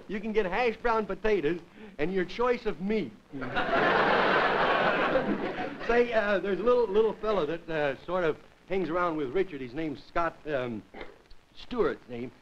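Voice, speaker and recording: A man's voice: high voice, expressive, a little slow, pauses often. A comedian man from the United States, telling a rambling stand-up monologue to a studio audience and chuckling at his own jokes. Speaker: comedian host. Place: television studio with live audience. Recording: dull lo-fi 1950s television audio with faint hiss.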